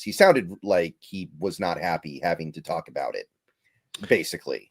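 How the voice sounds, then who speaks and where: A man's voice: deep voice, unhurried. A man hosting a casual sports talk stream, thoughtful with stammering restarts. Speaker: podcast host.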